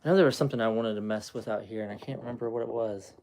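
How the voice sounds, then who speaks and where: A man's voice: on the low side, very fast, darkish tone, slight background noise. Casual man chatting on a livestream. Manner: rambling, talks to his dog between chat replies. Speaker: livestream host.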